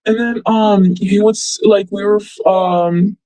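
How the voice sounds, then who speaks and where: A woman's voice: mid-range voice, fairly even intonation, slow, warm tone, no room sound, poor audio. A young woman telling a story casually, rambling and filling with "like" and "blah, blah.". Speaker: former friend recounting events.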